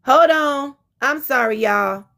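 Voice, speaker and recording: A woman's voice: high voice, slow, gravelly, pushed and bright. A woman relationship coach chatting frankly on her live stream, laughing easily between exasperated asides. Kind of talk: casual live-stream talk.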